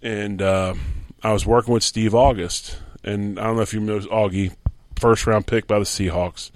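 Lower-voiced man telling a story. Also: moderate pace, dry recording. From Philadelphia, USA. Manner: animated storyteller who acts out quoted dialogue. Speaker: guest, former pro football lineman. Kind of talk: casual anecdotal storytelling.

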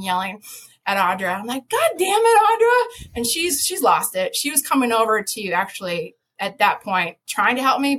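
A woman, a podcast guest, telling an animated story with lots of laughter, sudden loud shouted quotes and many restarts. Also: on the high side. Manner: lively, laughing, jumps to loud shouts when quoting herself.

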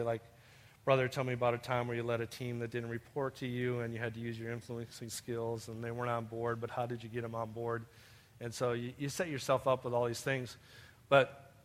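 A man's voice: mid-range voice, flat delivery, brisk. A man preaching a sermon, telling personal stories and addressing his listeners as beloved. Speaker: pastor.

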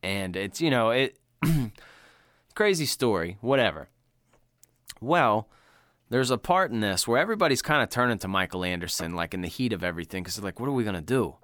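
Animated, swearing man chatting about movies. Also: fairly low pitch, normal speed, no room sound, clean studio sound. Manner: animated, swearing, laughs while retelling scenes. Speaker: podcast co-host. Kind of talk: casual movie chat.

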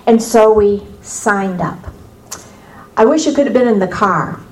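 A woman from the United States giving a personal faith testimony to an audience, telling it as a lively story with humorous asides. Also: medium pitch, unhurried, poor audio. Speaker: speaker sharing her faith testimony.

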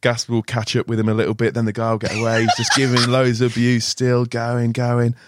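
This young man in his twenties has a mid-range voice with a completely flat delivery and a quick pace. As a podcast guest in a studio, he chats casually through stories, swearing a lot and laughing throughout, though heavy background noise intrudes.

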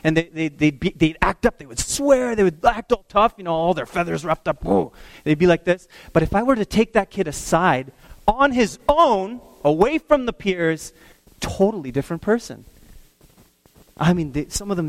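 Man, preacher, animated storytelling, fairly high voice, dry close sound. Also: normal speed, gravelly, no echo. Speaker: pastor. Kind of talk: sermon.

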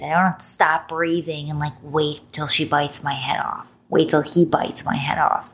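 Woman podcast host, solo talk; slightly low voice, playful and expressive, leans on words for emphasis. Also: a little fast, few pauses.

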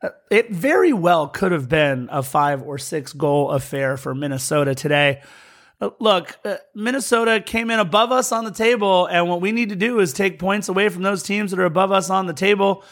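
High-voiced man recapping soccer results. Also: a bit bright. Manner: quick, jokey recap delivery. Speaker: podcast co-host. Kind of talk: casual sports podcast chat.

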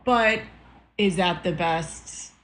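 A woman's voice: fairly low pitch, drawn-out words. A woman, a massage therapist, co-hosting a casual chat and reflecting on her own experience. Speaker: massage therapist, podcast co-host.

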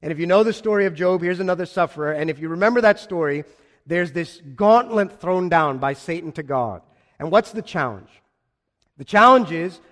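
Male pastor, higher voice, impassioned sermon with emphatic repetition; long hall reverb. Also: expressive, moderate pace, a bit bright.

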